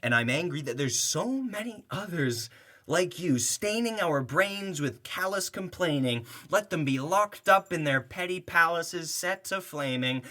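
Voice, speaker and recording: A man's voice: sits high, a bit bright. A young man performing rhyming spoken-word poetry with a sarcastic, heated edge and bursts of laughter.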